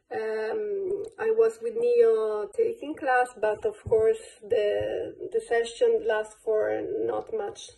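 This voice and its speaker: A high-voiced woman with a warm tone calls out ballet steps in sing-song, rhythmic counts as she teaches a live online class. She's in a dance studio, recorded far from the mic with echoey sound.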